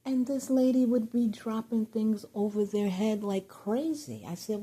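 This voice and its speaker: A woman venting in a rambling personal vlog, getting agitated and loud when riled. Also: fairly high pitch, measured pace, breathy edge. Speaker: vlogger.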